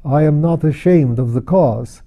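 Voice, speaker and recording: A man voicing a gloomy, sulky foreign anarchist in an audiobook, speaking in a flat, downcast way. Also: fairly high pitch, a little slow.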